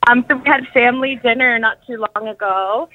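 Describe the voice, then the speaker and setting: A woman calls in to a radio show and tells a short story in a chatty, amused way. Her fairly high voice comes through a thin, tinny phone line. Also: a little fast, no room sound. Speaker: caller. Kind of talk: call-in story.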